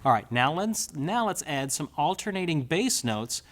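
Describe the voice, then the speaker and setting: A man's voice: on the high side, very animated, moderate pace. A man teaching a guitar lesson step by step, patiently counting beats aloud as he plays. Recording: loud guitar under the voice. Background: his own guitar playing.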